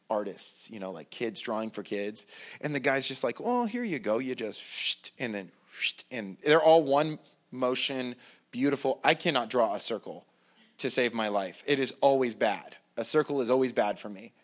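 A man's voice: mid-range voice, normal speed. A male pastor preaching a sermon in a conversational, self-deprecating way, with mocking asides. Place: church.

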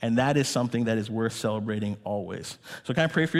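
A man giving an earnest sermon as a pastor, speaking in a measured way with small pauses and fillers. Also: lowish voice. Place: church hall. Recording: long hall reverb.

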